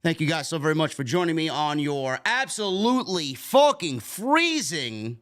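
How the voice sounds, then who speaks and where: Give me a man from New York hosting a live stream, cursing and griping, with a bright, forward voice that sits high and swings all over the place. He sounds fed up and talks straight into his streaming mic. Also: big pitch swings, normal speed, few pauses. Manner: profane, griping rant. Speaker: livestream host. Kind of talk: live post-show stream review.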